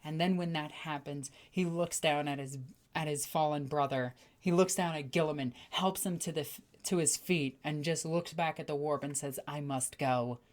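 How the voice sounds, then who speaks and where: A woman with a slightly low voice chats on a home livestream, talking to her viewers. She tells stories with excitable, animated energy and sometimes acts out the people in them. Her delivery is loose and conversational, with quick bursts of speech. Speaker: streamer. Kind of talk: casual livestream chat.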